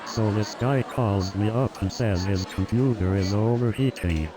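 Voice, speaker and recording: A synthetic male voice, fairly low and measured, performs a stand-up comedy routine, firing off one-liners punctuated by chuckles. Loud crowd noise and music can be heard behind him.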